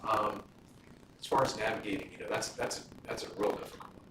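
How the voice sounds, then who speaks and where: A middle-aged man, a judge, talking casually with law students in a relaxed question-and-answer session, full of "you know" fillers and anecdotes. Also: fairly low pitch, fast. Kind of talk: casual Q&A talk. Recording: roomy, distant mic, room noise.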